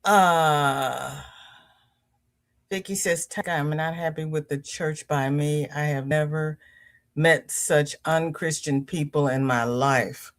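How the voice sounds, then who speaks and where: A woman's voice: steady tone, slow. A woman hosting a crochet livestream, chatting casually, greeting viewers by name and reading their comments aloud. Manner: leisurely, chatty, with pitch jumps on greetings.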